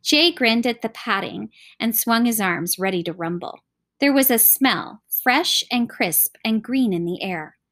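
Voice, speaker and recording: Expressive woman reading an audiobook. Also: fairly high pitch, measured pace. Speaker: audiobook reader. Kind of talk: scripted narration.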